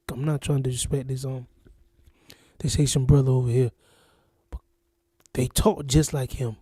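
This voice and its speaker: A man's voice: medium pitch, warm tone, dry recording, studio quality. A man from Florida hosting a reaction video, rambling and repeating himself in casual commentary. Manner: rambling, repetitive, exasperated. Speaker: reaction channel host.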